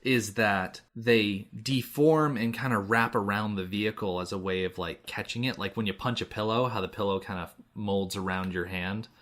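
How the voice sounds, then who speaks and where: A man's voice: lowish voice, steady tone, normal speed, hardly any pauses, fairly bright tone. A man from the United States co-hosting a film podcast, talking in a chatty, rambling way and laughing often. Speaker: podcast co-host. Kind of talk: casual chat.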